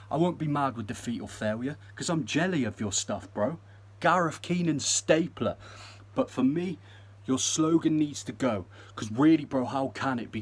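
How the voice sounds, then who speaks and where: A man's voice: medium pitch, husky. A man with a mid-range voice, rapping battle bars a cappella. He sneers through one insult after another. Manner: sneering, insult-heavy delivery. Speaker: battle rapper. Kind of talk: a cappella rap battle verses.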